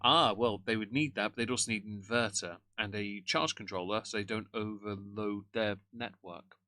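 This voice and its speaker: A man with a bright, forward voice hosting a livestream, and his commentary is blunt, sarcastic and full of swearing. He sits close to a desktop mic in a dry, dead room. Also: fairly low pitch, fairly even intonation, normal speed, no echo.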